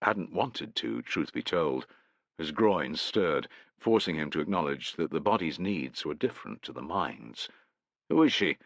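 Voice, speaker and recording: A man's voice: a bass voice, lively intonation, a little slow, fairly bright tone, no echo. A man narrating a historical war novel in a scripted, dramatic reading. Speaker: audiobook narrator.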